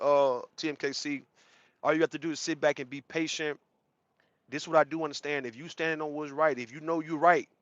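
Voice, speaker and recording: Streamer type: blunt, profane man, higher-pitched and punchy, dry close sound. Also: no room sound, highs cut off. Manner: blunt, slangy and profane, greets chatters mid-rant. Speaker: livestream host. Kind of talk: casual livestream talk to chat viewers.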